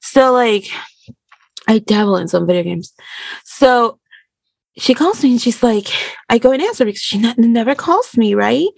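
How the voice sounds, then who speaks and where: A woman, a burlesque performer, telling a story in an animated, rambling way full of fillers. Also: a little high, moderate pace, gravelly, long pauses, dry recording. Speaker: guest. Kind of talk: casual storytelling.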